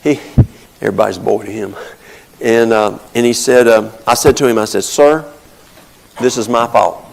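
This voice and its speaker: An older man with a drawl leads a homespun health talk. His voice carries a gravelly, fry-tinged texture at an ordinary middle pitch. He teaches through anecdotes and simple kitchen-table examples. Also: steady tone, normal speed, rough recording. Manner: homespun, storytelling, explains with plain examples.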